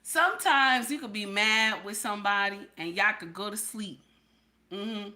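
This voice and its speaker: With a medium-pitched, sharp voice and a measured pace, a woman hosts a livestream and speaks frankly to her chat. She tends to check in with an "okay?" every so often.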